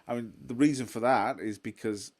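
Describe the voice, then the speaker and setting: A man's voice: mid-range voice, moderate pace, crowd noise. A man co-hosting a casual podcast, explaining at length with many fillers and agreeing often. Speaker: podcast co-host. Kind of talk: casual chat.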